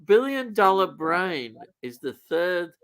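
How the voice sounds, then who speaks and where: A man hosting a casual live stream, musing slowly and laughing often. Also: sits high, big pitch swings, a bit bright. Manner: slow, laughs often, muses aloud.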